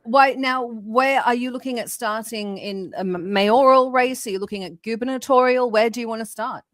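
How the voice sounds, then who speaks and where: A woman from a Commonwealth country, co-hosting a casual podcast chat in an enthusiastic, quick-to-laugh manner. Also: fairly high pitch, fairly bright tone, dry recording, low-quality recording. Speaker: podcast co-host.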